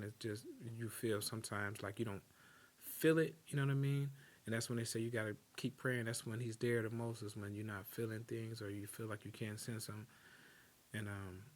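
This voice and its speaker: A man hosting a podcast, talking in a relaxed, reflective way with lots of "man" and "you know what I mean.". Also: on the low side. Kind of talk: casual chat.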